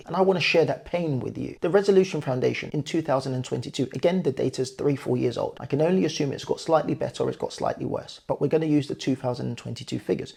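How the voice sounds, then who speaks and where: A man with a gravelly, husky voice explains numbers to his viewers in an earnest, emphatic way. His tone is mellow and sits a little high for a man. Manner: earnest, emphatic with figures, addresses viewers directly. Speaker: property investor and channel host. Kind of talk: explanatory talk to camera.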